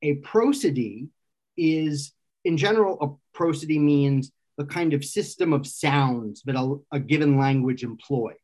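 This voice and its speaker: A man's voice: a little high, measured pace, a little mellow. Man explaining aloud, full of restarts. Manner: lecturing, thinks aloud with frequent restarts and self-corrections. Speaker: guest expert explaining philosophy. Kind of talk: conversational explanation.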